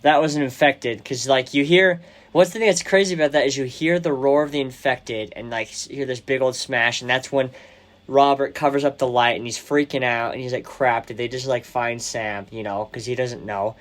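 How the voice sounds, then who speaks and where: A young man hosting a podcast, retelling movie scenes casually and excitedly, with slang and lots of "like". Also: mid-range voice, fairly quick. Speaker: podcast host. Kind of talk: casual chat about a movie.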